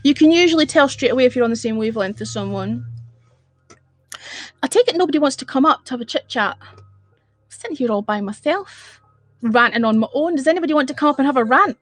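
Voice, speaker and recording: A woman's voice: high voice, animated, quick pace, no room sound. A woman chatting with viewers on a livestream, blunt and full of swearing as she rants. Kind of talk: casual live-stream chat.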